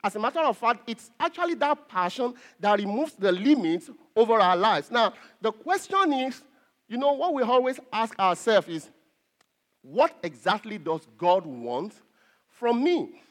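High-voiced man preaching a sermon. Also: big pitch swings, moderate pace, a bit bright. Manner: earnest preaching with repetitions and fillers. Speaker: pastor.

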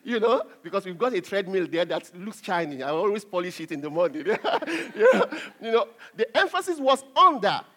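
High-voiced emphatic male preacher. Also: sing-song, moderate pace. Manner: emphatic preaching, drops to soft asides, chuckles. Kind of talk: sermon.

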